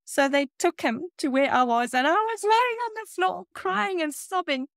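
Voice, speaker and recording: Woman guest, high voice, dry close sound, emotive storyteller from South Africa, casting for a faith podcast. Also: animated, moderate pace, gravelly, no echo. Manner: emotional storyteller, laughs often.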